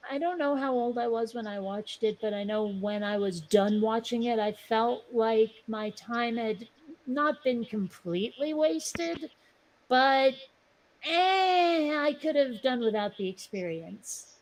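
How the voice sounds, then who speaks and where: Woman, slightly higher voice, blunt casual panelist, opinionated. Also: unhurried, a little hiss or hum, poor audio. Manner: blunt, opinionated, swears for emphasis. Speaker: podcast panelist. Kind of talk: casual chat.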